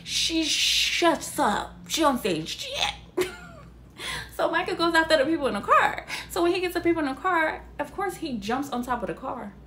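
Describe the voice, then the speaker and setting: A young woman chatting casually about a film, animated and incredulous, swearing freely as she talks. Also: high-pitched, moderate pace, slight background noise. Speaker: vlogger reviewing a film. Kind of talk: casual reaction chat.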